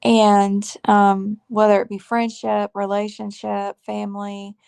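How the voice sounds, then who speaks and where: Gravelly-voiced woman in her forties, earnest testimony. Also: mid-range voice, completely flat delivery, a little mellow. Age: 40s. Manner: earnest and confiding, says y'all, halting with fillers. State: close to tears. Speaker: faith vlogger. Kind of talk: heartfelt testimony vlog.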